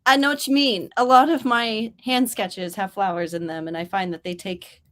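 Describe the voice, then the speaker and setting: A woman who grew up near Mexico hosts a casual writing sprint livestream, chatty and upbeat as she reads viewer comments aloud. Her mid-range voice is steady and fairly bright, at a normal speed.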